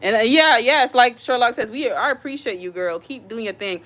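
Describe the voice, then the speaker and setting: This kitchen livestream host has a fairly high, expressive, fairly bright voice and speaks at normal speed. Chatting casually as she cooks, she addresses viewers directly, reads their comments out loud, and repeats herself with heartfelt earnestness.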